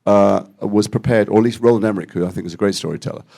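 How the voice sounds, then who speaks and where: Brief: English actor, fast lively anecdotes, low and gravelly. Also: male voice. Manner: animated, quotes others in quick dialogue. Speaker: actor guest at a Q&A. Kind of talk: anecdotal storytelling. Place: cinema auditorium after a screening.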